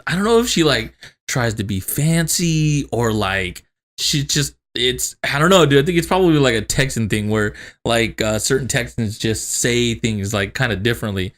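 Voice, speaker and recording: A man's voice: medium pitch, animated, normal speed, fairly bright tone. Laughing, swearing podcast co-host man. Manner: laughing storyteller, swears freely, acts out quotes. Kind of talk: casual chat.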